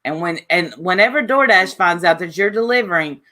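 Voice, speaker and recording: A woman's voice: fairly low pitch, expressive, brisk, bright, forceful tone. A woman streamer in a casual, teasing chat, laughing often and trash-talking.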